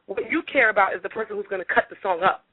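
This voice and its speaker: A woman singer being interviewed on talk radio, telling stories in a lively way and acting out the dialogue. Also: mid-range voice, racing, no room sound. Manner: animated, acts out dialogue in her stories. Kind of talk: casual radio interview storytelling. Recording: dry, phone-like radio audio.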